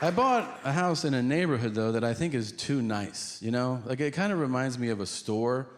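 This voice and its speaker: A male stand-up comic spins a story in a casual, wry way, his voice mid-pitched but lively and swinging. He sounds through a reverberant hall, with audience noise clearly present. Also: moderate pace, crowd noise. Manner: conversational, wry, building to exasperation. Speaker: stand-up comedian. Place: comedy stage before an audience.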